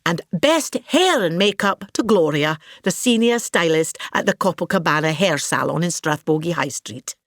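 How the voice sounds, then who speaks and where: A woman's voice: lowish voice, lively intonation, moderate pace, few pauses, dry recording, studio quality. A woman with a Scottish accent playing a vain, grandiose older actress in a scripted comic monologue, pompous and gossipy. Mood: grand.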